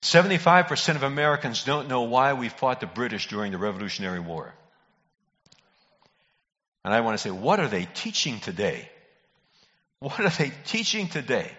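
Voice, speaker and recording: Folksy older preacher in a reverberant church. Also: male voice, mid-range voice, lively intonation, fairly quick, pushed and bright. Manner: folksy joke-telling preacher who calls out to congregation members. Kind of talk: sermon. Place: church sanctuary. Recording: dull recording in a reverberant hall.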